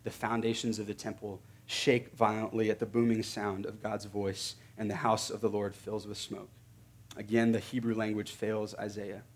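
A man's voice: lowish voice, level tone, moderate pace, husky. A man preaching a sermon as pastor, earnest and building to emphatic, repeated phrases.

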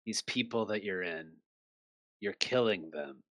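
A man playing a tabletop game, forceful as he interrogates in character. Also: lowish voice, measured pace, dry recording. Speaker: player. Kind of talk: tabletop role-play.

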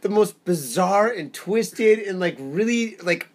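A man's voice: sits high, lively intonation, takes it slowly. A man co-hosting a podcast, teasing the storyteller and cutting in with questions. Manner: teasing, laughing, interjecting questions. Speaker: podcast co-host. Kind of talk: casual chat.

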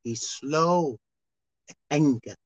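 A woman pastor preaching a sermon, swinging from soft, quiet asides to shouted emphasis. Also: low-pitched, slow pace, no room sound. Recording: dull dry sound.

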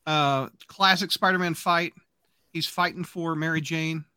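A man's voice: a little high, steady tone, measured pace, sharp tone, clean tone, dry recording, studio quality. A man hosting a casual comic book review podcast, punning and reading out live chat. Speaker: podcast host.

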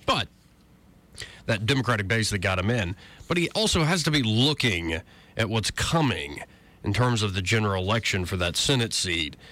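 A man's voice: fairly low pitch, pushed and bright. A talk radio host, a man from Alabama, giving a sarcastic political commentary monologue and calling himself a cynic. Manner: sarcastic, self-described cynic.

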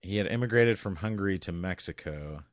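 A middle-aged man with a low, deep voice chats loosely on a podcast. He rambles, trails off and starts his sentences over. The sound is close and dry. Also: brisk, no echo. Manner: rambling, trails off and restarts mid-thought. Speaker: podcast co-host. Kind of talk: casual chat.

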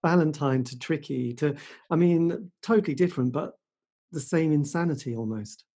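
Interviewer, husky, mellow tone, bouncy questions. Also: medium pitch, normal speed. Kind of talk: casual interview.

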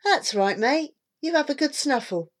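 An eager, bold young girl, as a woman reading a storybook puts her on, speaks in a bright, high voice. Her words come out earnest and excited, with plenty of lift. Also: unhurried.

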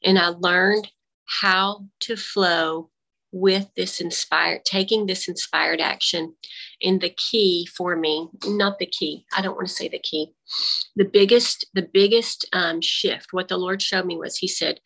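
A woman's voice: on the low side, steady tone, unhurried, vocal fry, pushed and bright, low-quality recording. A woman on a remote call through earbuds, telling a faith testimony in casual conversation and animatedly acting out her own dialogue. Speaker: guest. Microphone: AirPods.

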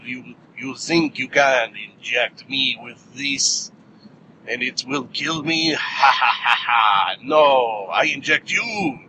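A man's voice: mid-range voice, takes it slowly, pushed and bright, slight background noise, poor audio. A man putting on a gloating Russian villainess. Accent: bad put-on Russian. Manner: mocking, cackling.

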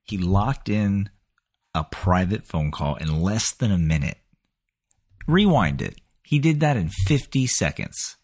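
Playful, animated male podcast host. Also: deep voice, measured pace. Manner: playful, hammy promo delivery. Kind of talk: comedic podcast commentary.

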